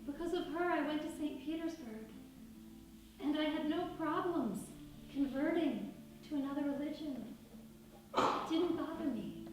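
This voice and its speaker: A woman voices a remorseful drunkard pouring out his story in earnest pleas. The voice sits high and unhurried. It comes from far off in an echoing room, with music playing behind. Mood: pleading. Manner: earnest, pleading. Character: remorseful middle-aged male drunkard pleading. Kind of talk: told story.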